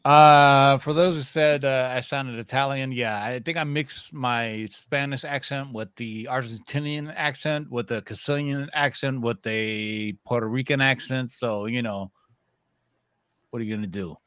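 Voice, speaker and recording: A man's voice: medium pitch, steady tone, a little slow, fairly bright tone, smooth, dry recording. Man, casual live-stream host, joking, loose delivery, dry close sound. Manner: loose, joking, reads sponsor spots.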